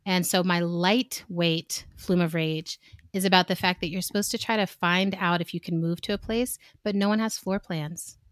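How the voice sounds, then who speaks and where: A woman's voice: fairly low pitch, steady tone, normal speed, dry recording. Candid, emotional woman, dry close sound. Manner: candid, emotional, laughs often; acts out quoted exchanges. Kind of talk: casual chat.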